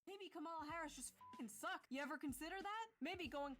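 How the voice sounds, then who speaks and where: A woman's voice: high voice, quick pace, fairly bright tone, soft background music. A woman commentator, sarcastic and profane. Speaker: video commentator.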